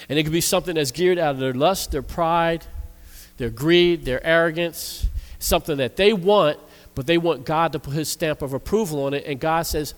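Minister with a raised voice in a reverberant church. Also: male voice, a little high, moderate pace. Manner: lively storytelling, laughs and acts out quotes. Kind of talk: sermon with personal story. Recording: long reverb of a church hall.

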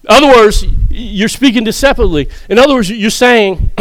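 A man's voice: high voice, normal speed, fairly bright tone, no room sound. A man preaching a sermon in a humorous, conversational way, often laughing.

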